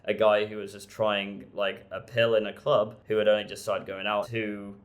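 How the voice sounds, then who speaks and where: A man's voice: fairly low pitch, flat delivery, moderate pace. A young man in his twenties telling a candid personal story in casual vlog talk, swearing freely, laughing and restarting his sentences. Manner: frank and sweary, laughs often, restarts a lot. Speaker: self-improvement vlogger.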